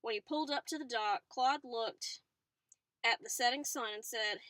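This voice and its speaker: A woman reading a novel aloud in a chatty way, stopping now and then for excited asides. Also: on the high side, moderate pace, no room sound. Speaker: reader.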